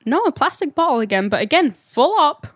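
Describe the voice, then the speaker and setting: A woman's voice: high-pitched, sing-song, brisk, no room sound, studio quality. A woman co-hosting a podcast in casual chat, telling stories with lots of laughter and swearing. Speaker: podcast co-host.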